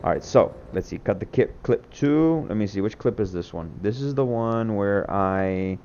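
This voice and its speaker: A man's voice: fairly low pitch, lively intonation, normal speed, a little mellow, dull audio, slight background noise. A young man casually commentating on his own gameplay clips, rambling and swearing with lots of filler words. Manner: rambling, profane, laid-back, heavy on filler words.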